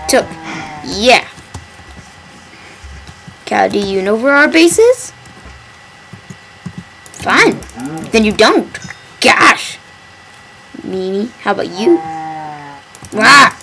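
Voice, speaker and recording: A woman's voice: medium pitch, very animated, takes it slowly, vocal fry, long pauses, bright, forceful tone, slight background noise, poor audio. A woman hosting a gameplay video, rambling playfully with mock-dramatic asides. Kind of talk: casual gameplay commentary.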